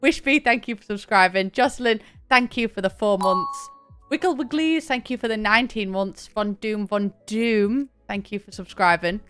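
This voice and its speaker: A young woman chats casually to her live-stream viewers, reading out names and laughing as she goes. Her voice is smooth and clear at an ordinary pitch, with faint music playing behind her. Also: normal speed, a bit bright. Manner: chatty, thanks viewers by name, laughs often. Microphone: desk mic, camera on.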